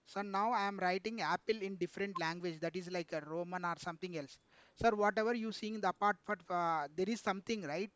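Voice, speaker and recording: Teaching a technical class online, this male instructor keeps pausing to question his students, addressing each as sir. His high voice is smooth, resonant and fairly bright, captured in a dry, muffled recording.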